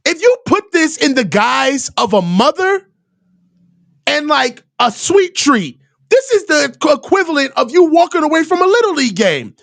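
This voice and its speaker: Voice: high-pitched, very animated, normal speed, a bit bright, no room sound. Heated, profane sports-show host. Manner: heated, sarcastic, swears a lot, mocks reporters in put-on voices. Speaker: live reaction show host.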